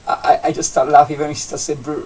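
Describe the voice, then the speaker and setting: A young adult vlogger from Italy with an Italian accent, a native Italian speaker chatting casually in English, rambling and halting with many restarts and fillers. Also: medium pitch, flat delivery, a little mellow, breathy edge. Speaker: vlogger, seasonal campsite entertainment worker. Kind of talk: casual vlog chat. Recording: distant mic with faint background noise.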